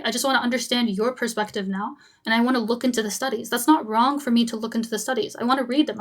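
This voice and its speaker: A young woman with a fairly high voice hosts a live-streamed debate. She cuts across the other side with short repeated commands, then turns to speak frankly to her viewers. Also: fairly bright tone. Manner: frank, talks straight to viewers. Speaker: host and debater.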